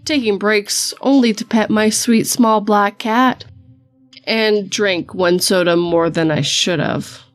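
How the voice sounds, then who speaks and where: Female horror narrator, measured storytelling, mid-pitched, soft music bed. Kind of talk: first-person horror narration.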